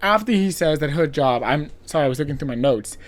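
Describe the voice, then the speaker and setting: Podcast host, casual film recap, lots of "like" fillers, playful sarcasm, medium pitch. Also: animated, fast talker. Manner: chatty and rambling, heavy on filler words; playfully sarcastic, laughs at own jokes.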